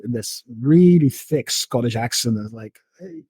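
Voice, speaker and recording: With a husky, slightly breathy, medium-pitched voice, a middle-aged market analyst talks a little slowly as a guest on a podcast interview. His storytelling is loose and relaxed, though he frequently trips over words, repeats them and starts again. The sound is close and dry, without any room sound.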